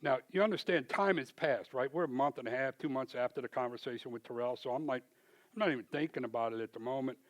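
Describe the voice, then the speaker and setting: A man giving a church testimony, an animated storyteller who acts out both sides of the conversations. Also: medium pitch, quick pace, dull audio. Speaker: small business owner giving testimony. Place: church sanctuary.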